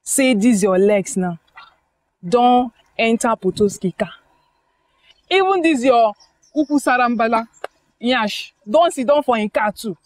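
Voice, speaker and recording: Gossiping village girl, Nigerian Pidgin accent, a bit high, dry sound, music under. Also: lively intonation, a little slow, pauses often, no room sound. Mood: gossipy. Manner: gossipy, teasing.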